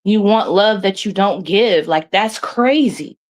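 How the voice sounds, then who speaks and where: Animated woman co-host in a chat. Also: mid-range voice, measured pace. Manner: animated, incredulous. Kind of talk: casual commentary chat.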